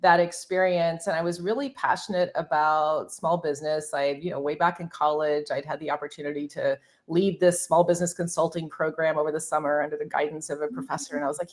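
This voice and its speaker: A woman's voice: sits low, fairly even intonation, brisk, hardly any pauses. A woman in her fifties talking candidly as a podcast guest, chatty with many fillers and restarts. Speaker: podcast guest, marketing agency founder. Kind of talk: conversational interview.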